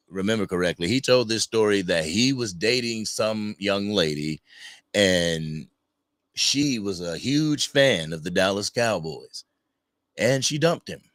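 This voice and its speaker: A man's voice: low voice, no room sound. A man hosting an unscripted fan livestream, talking casually and greeting viewers from the chat. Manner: casual, animated, reads chat names aloud. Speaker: livestream host.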